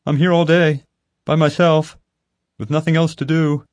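A man's voice: fairly high pitch, flat delivery, moderate pace, no echo, pitched above the performer's own voice, close to an everyday voice. A male audiobook reader voicing a chatty, lonely young female panda keeper who eagerly rattles off facts. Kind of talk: audiobook character voice. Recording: dry close studio sound.

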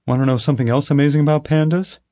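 A man's voice: on the high side, steady tone, racing, mellow, no echo, voice pushed up, lightly acted. A male audiobook reader voicing a chatty, lonely young female panda keeper who eagerly rattles off facts. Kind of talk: audiobook character voice. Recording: dry close studio sound.

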